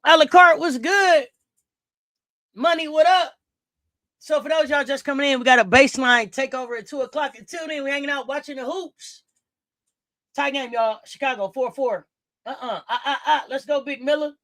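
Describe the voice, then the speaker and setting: Woman host for a sports watch-along stream, high-pitched, loud and slangy as she cheers on the players. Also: brisk. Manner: hyped, slangy, shouts at players. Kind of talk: live game watch-along commentary.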